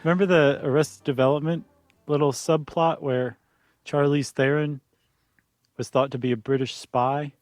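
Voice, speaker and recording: A man co-hosting a podcast in casual chat, relaxed and joking, thinking aloud with fillers. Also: fairly high pitch, moderate pace, no room sound, soft background music. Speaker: podcast co-host.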